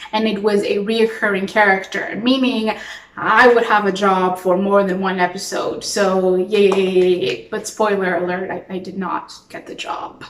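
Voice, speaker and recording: Young actress, conversational storytime delivery, mid-pitched, expressive, in a reverberant room. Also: female voice. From Toronto, Canada. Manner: chatty and expressive, frequent "like". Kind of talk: storytime vlog.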